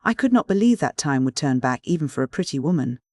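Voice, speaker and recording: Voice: mid-range voice, very animated, quick pace, no echo, studio quality. A narrator doing a poised young nobleman. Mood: polite. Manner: courteous, evasive, poised. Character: polite, self-possessed young nobleman.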